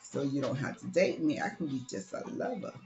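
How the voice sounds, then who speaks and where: A woman telling a story plays a pushy, smooth-talking older man who keeps coaxing a young girl. The lines come in an everyday storytelling voice. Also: a bass voice, a little fast, darkish tone, faint music behind, voice pushed down.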